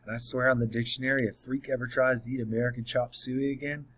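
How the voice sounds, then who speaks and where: A man's voice: medium pitch, little pitch movement, fast, a bit bright, breathy edge, low-quality recording. A man narrating an audiobook in the first person, telling the story in a plain, earnest way.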